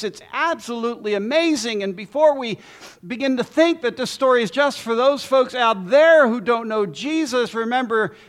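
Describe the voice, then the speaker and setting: A man preaching a sermon as pastor, emphatic with dramatic pauses and lists. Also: very high voice, fairly bright tone.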